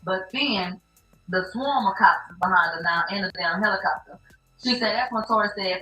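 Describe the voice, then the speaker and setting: A commentary show host with a mid-range, sharp-toned voice talks at normal speed, recapping courtroom testimony in a casual news show full of blunt, profane, sarcastic asides. The mic sits far off in an echoey room, with faint music playing.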